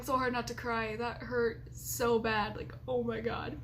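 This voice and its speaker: A woman's voice: fairly high pitch, flat delivery, a little slow, hardly any pauses, a bit bright, slight background noise. A woman in her late teens talking in a casual confessional vlog, rambling and chatty, laughing often between remarks. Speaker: vlogger.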